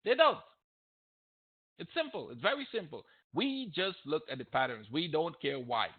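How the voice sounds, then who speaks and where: A man's voice: fairly high pitch, wildly swooping pitch, normal speed. Blunt man teaching over tinny audio. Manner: blunt, emphatic, repeats himself, gets heated and loud at times. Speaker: trading educator answering viewer questions. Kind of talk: live Q&A webinar.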